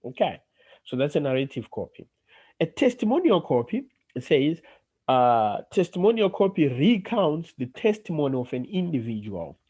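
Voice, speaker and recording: Guy teaching class, mellow husky voice, lively up and down, lots of okays. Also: a little high, normal speed. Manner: questioning, explains terms with many okays. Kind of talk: online class discussion.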